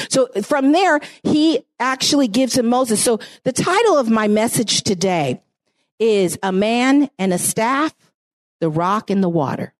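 A woman with a fairly high voice preaches a radio sermon. She retells scripture with emphatic rises in pitch and asks her listeners direct rhetorical questions. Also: expressive, normal speed.

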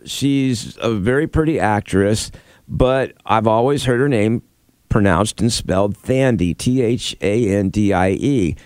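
A man's voice: lowish voice, a little slow, darkish tone, dry recording. A man hosting a casual radio show, reading items from a list with a playful, assured manner.

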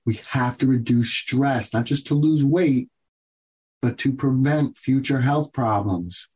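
A man with a slightly husky, breathy voice hosts a health advice talk show. He coaches listeners earnestly, repeating his points and rushing through some phrases. His pitch sits at an ordinary middle level. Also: mellow. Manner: earnest, repetitive coaching tone with quick bursts. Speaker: radio show host and doctor.

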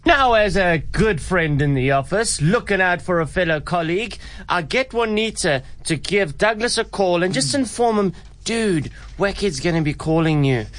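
A man's voice: sits high, lively intonation, moderate pace, few pauses, a bit bright, dry recording. A man hosting a radio prank bit, playfully explaining the setup. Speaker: radio prank caller host. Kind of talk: casual radio banter.

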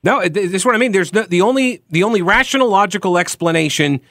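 A man hosting a call-in talk radio show, talking in an animated, emphatic way with frequent restarts. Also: high voice, fast talker, no echo, clean studio sound. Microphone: studio microphone.

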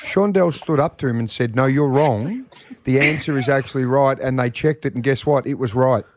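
A man's voice: medium pitch, normal speed, slight background noise. A man hosting a radio show, encouraging and upbeat as he chats with a prize winner. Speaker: radio host.

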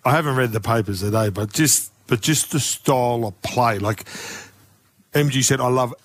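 A man's voice: mid-range voice, normal speed, dry recording. A man co-hosting a sports show, telling stories in an easygoing, chatty way. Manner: storytelling, easygoing. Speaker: sports radio co-host. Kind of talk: casual sports banter.

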